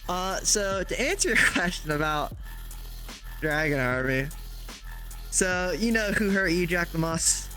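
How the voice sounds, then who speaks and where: A man's voice: sits high, expressive, a little slow, pauses often, over music. A man hosting a casual chat over a game, laid-back and swearing freely, talking through a headset mic. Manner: laid-back, swears a lot, laughs often. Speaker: host. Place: virtual reality game session.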